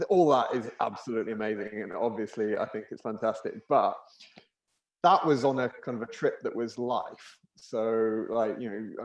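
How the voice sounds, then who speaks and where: A man's voice: lowish voice, darkish tone. A man on an online panel debate, talking casually and rambling with many fillers.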